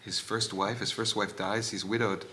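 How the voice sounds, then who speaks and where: A man's voice: fairly low pitch, level tone, pushed and bright, a little hiss or hum. A man teaching a religious text. He reads short passages aloud, translates them, and keeps asking questions of the text. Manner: explanatory, pauses with fillers, asks questions aloud. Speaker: Torah teacher. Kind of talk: text study, reading Hebrew lines and translating them. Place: old stone synagogue.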